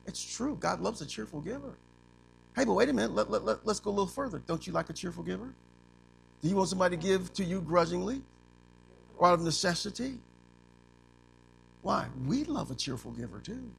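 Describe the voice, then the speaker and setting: A man preaching a sermon as pastor, animated, asking the congregation to finish his lines and acting out little scenes. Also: high-pitched, gravelly. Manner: animated preaching with call-and-response questions; acts out little scenes in other voices.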